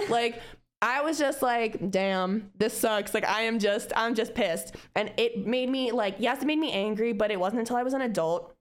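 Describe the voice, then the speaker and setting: A young woman co-hosts a podcast, her voice on the high side at normal speed. In casual chat she's candid and swears freely, laughing between remarks and lively as she acts out her past self in quotes.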